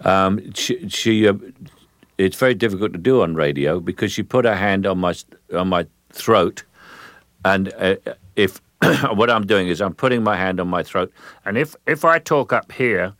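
A man's voice: deep voice, normal speed, fairly bright tone, dry recording, studio quality. An older man with a London Cockney accent, an actor guest in a radio interview, telling stories in a rambling, hesitant way and breaking off to demonstrate voices. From England.

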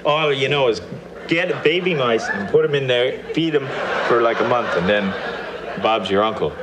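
Man as a Canadian hoser, Canadian accent, drawling, mid-pitch voice, loud hiss under old TV audio. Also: moderate pace, natural voice. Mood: goofy. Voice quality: drawling, ends lines with "eh". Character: lazy beer-drinking Canadian hoser brother. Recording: very noisy old TV sketch audio.

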